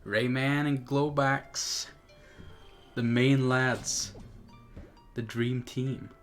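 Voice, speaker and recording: A man's voice: medium pitch, steady tone, very slow, soft background music. A man giving casual, joking commentary while streaming a video game. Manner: chatty, laughs at own jokes, nostalgic.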